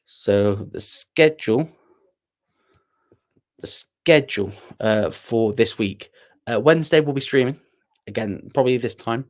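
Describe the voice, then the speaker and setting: Halting man on a livestream. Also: medium pitch. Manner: halting, many ums and restarts. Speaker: channel host. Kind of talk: casual livestream chat.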